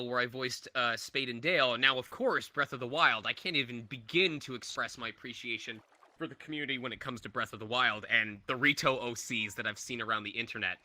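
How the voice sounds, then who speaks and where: A man's voice: mid-range voice, sharp tone, no echo. A man in his thirties, a voice actor, answering fan questions at a convention in a chatty way, laughing often. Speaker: voice actor guest.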